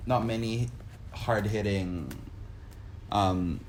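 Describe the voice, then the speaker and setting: A guest on a podcast in casual chat, animated, often restarting and repeating words. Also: deep voice, very slow, slight background noise.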